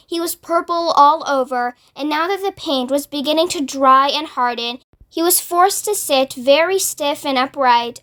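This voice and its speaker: A woman reading a children's book aloud, narrating in a clear, expressive way. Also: sits high. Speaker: storyteller.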